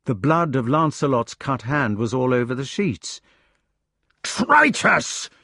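A man's voice: medium pitch, normal speed, fairly bright tone, no echo, studio quality. A man reading a novel aloud as an audiobook narrator, telling the story expressively. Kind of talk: scripted narration.

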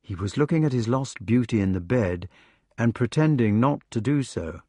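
Lively expressive male storyteller. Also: medium pitch, normal speed, no echo, studio quality. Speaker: audiobook narrator. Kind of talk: scripted narration.

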